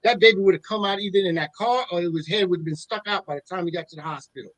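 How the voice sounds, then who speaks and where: A man's voice: high voice, quick pace, fairly bright tone, dry recording, rough recording. A man chatting casually as a co-host, blunt and teasing, with plenty of swearing. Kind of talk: casual chat.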